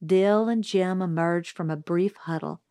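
A woman reading a novel as an audiobook narrator in a steady first-person storytelling way. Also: fairly low pitch, unhurried, dry recording, studio quality.

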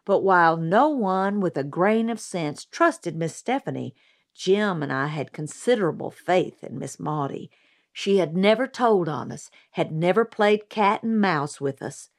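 A woman's voice: on the low side, dry recording, clean studio sound. Woman reading a novel aloud. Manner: steady first-person storytelling. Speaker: narrator.

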